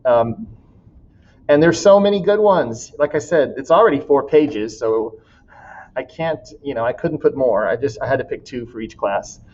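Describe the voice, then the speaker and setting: A man's voice: medium pitch, expressive, normal speed, darkish tone, muffled recording. A man teaching a class in a recorded walkthrough, casual and laughing often as he reads student writing aloud.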